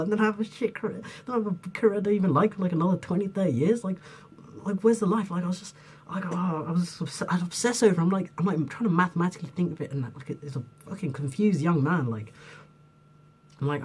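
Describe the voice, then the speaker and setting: A man's voice: high voice, fast, breathy edge. A young man ranting to camera in a rambling, heated way, swearing often and filling his talk with "like". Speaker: vlogger. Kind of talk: unscripted rant to camera.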